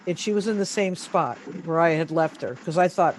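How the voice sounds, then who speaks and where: Picture a woman guest on a video call recounting a strange personal experience. She speaks casually and haltingly, stumbling and repeating words as she gathers her thoughts. The sound comes through a home computer mic. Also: on the low side, lively intonation, a little hiss or hum, poor audio. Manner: hesitant, halting, repeats words when searching. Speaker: interview guest. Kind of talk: casual first-person storytelling.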